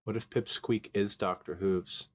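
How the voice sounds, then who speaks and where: A man's voice: fairly low pitch, fairly even intonation, unhurried. A man co-hosting a podcast, chatting casually with curious questions and frequent laughs. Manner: laughs often, curious quips. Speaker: podcast co-host. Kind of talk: casual chat.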